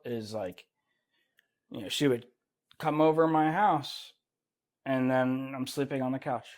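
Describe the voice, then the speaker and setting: A man's voice: mid-range voice, unhurried, pauses often. A man from the United States, a guest on a casual podcast chat, speaking candidly and critically about himself and swearing freely. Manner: candid, self-critical, profane.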